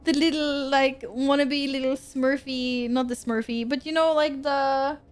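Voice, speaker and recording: A woman's voice: high voice, fairly even intonation, measured pace. A woman streamer chatting casually and giggling with her chat as she plays. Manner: bubbly, giggly, talks to chat. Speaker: game streamer.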